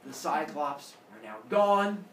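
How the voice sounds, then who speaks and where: A man telling a myth aloud to a group, animated and quizzing his listeners as he goes. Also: fairly high pitch, takes it slowly. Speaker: storyteller. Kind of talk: lively oral storytelling to a listening group. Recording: roomy, distant mic, faint noise.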